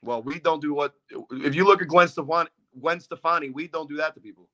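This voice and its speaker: A man's voice: fairly high pitch, quick pace, sharp tone. A man in his thirties, a guest on a casual podcast, joking and mocking himself, swearing freely. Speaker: podcast guest, football quarterback.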